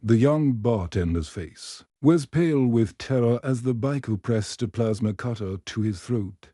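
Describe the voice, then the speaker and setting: A man reads a scripted story in a steady, even delivery. His voice is dark and mellow. The recording is dry and close, with no room sound. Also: medium pitch, unhurried, no room sound. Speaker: narrator.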